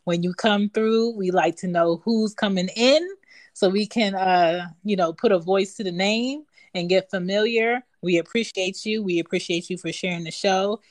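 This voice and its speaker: A woman co-hosting a casual podcast chat, telling stories with lively quoted voices and frequent laughs. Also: medium pitch, normal speed, no room sound. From moved to Atlanta as a teen. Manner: animated storytelling, laughs often. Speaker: podcast co-host.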